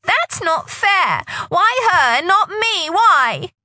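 A woman's voice: very high voice, very animated, slow, pushed and bright, no echo, studio quality, voice pushed up, full character voice. A woman voicing an upset young girl crying out at unfairness. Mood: wailing.

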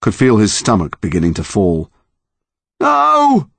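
Deep, gravelly male storybook narrator. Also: lively intonation, normal speed, darkish tone, dry recording. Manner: dramatic, emotionally charged reading. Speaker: audiobook narrator.

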